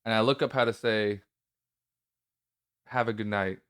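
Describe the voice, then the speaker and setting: A man's voice: on the low side, fairly even intonation, measured pace, a bit bright, clear, resonant tone, no echo, studio quality. A male podcast host telling a story in casual chat, nervous and rambling, with many restarts and a voice that cracks.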